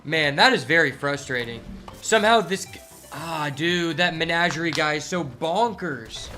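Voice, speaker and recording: Bright-voiced excitable male streamer. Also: fairly high pitch, moderate pace, faint music behind. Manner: excitable, exasperated, swears a lot. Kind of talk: live gameplay commentary.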